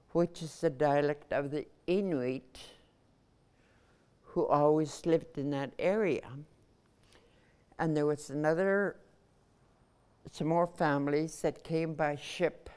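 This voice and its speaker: Slow low-voiced older woman. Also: a little mellow, clear, resonant tone. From Nunavut, Canada. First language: Inuktitut. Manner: measured, pausing between phrases. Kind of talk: personal recollection.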